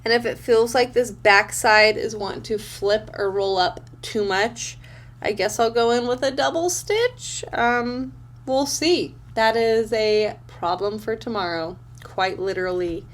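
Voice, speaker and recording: A woman chats to her camera at home in a casual vlog. Her voice sits a touch high, and she rambles freely, poking fun at herself as she works things out aloud. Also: unhurried. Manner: chatty and self-deprecating, thinking aloud with fillers. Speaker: vlogger. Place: at home, indoors.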